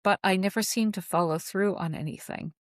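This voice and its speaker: A woman author chatting in an interview, telling stories in a lively way and acting out the voices she quotes. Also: medium pitch, a little fast, no echo, clean studio sound. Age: older. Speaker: guest author. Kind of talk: casual interview chat.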